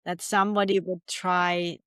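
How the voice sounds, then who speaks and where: A woman's voice: on the low side, little pitch movement, measured pace, fairly bright tone, clean tone, dry recording, studio quality. A woman co-hosting a podcast, cutting in with direct, earnest points in casual chat. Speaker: podcast co-host.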